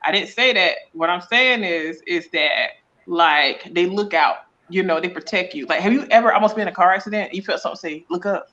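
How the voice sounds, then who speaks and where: A woman, a psychic medium, chatting casually as an interview guest, slangy and animated, acting out little dialogues as she explains. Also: lowish voice, fairly quick, highs cut off.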